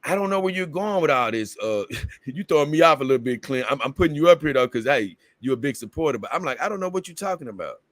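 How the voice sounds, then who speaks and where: A man's voice: medium pitch, animated, fast talker, a bit bright, no room sound. Man, livestream host, casual rambling chat, mid-range voice, dry close sound. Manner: rambling, with bursts of exasperated confusion. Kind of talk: casual livestream chat, reading viewer comments aloud.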